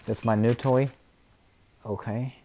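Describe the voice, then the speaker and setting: Excitable young male game streamer. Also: medium pitch, slow pace, a little hiss or hum. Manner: excitable, chatty, laughs often, swings from mumbling to loud cheering. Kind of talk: casual live gameplay commentary.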